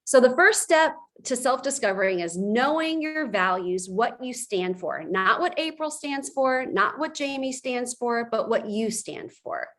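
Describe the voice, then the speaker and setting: Female presenter, forties, passionate and fiery, unhurried delivery, motivational team trainer. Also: on the high side, expressive, fairly bright tone. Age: 40s.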